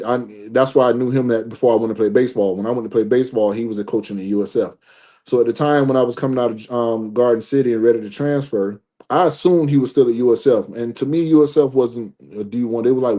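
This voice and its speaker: A man in his forties, a former football player, telling a long story in a relaxed interview, restarting sentences often. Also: mid-range voice. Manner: animated storyteller, acts out dialogue, restarts often.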